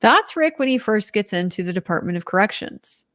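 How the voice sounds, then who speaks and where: A woman's voice: medium pitch, expressive, fairly quick, fairly bright tone. A young woman commenting on a trial in a casual recap, incredulous and emphatic, reading out quotes as she goes. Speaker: legal commentator.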